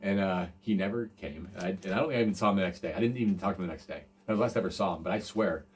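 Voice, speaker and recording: His voice sits low and he races along. The man, in his forties and hosting a laid-back podcast, tells a meandering, self-mocking story riddled with fillers and restarts.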